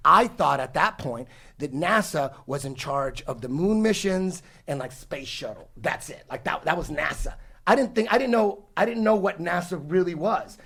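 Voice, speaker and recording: A man's voice: fairly high pitch, expressive, moderate pace, creaky, a bit bright, breathy edge. A man in his forties telling a long story in casual podcast talk, profane and rambling with many restarts. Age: 40s. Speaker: podcast guest. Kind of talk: casual conversation.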